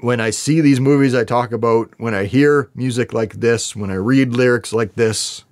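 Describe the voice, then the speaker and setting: A man gives heartfelt commentary on song lyrics straight to camera, sounding earnest, spiritual and emotional, and laughing frequently as he goes. He speaks at normal speed with a medium-pitched voice.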